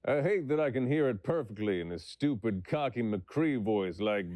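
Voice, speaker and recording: Brief: man, mid-pitched, sheepish and amused, dry mic. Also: animated, moderate pace, a little mellow, no room sound. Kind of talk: casual panel chat.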